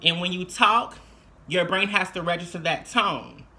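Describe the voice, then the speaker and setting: A woman's voice: fairly low pitch, measured pace, sharp tone. A trans woman vlogger giving casual voice-feminization tips in a chatty, sassy, playful way. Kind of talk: casual advice vlog.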